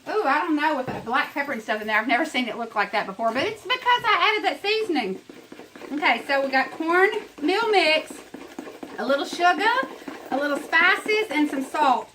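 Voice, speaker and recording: High-voiced chatty woman cooking at home. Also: expressive, normal speed, sharp tone, slight background noise, poor audio. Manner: chatty and rambling, talks straight to viewers. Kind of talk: casual cooking demonstration. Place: home kitchen.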